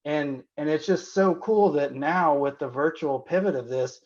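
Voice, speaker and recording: This man's voice is fairly high and a little mellow, at normal speed, heard through dull audio. He's an Indiana, USA physician guesting on a podcast, and in this candid conversational interview he reflects openly, often restarting and leaning on "you know."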